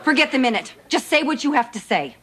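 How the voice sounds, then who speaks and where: A firm, exasperated sitcom mom, high and lively, with a laughing studio crowd behind her. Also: fast talker. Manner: stern, clipped, dry ultimatums. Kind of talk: 1980s sitcom acting. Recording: studio audience laughter, noisy.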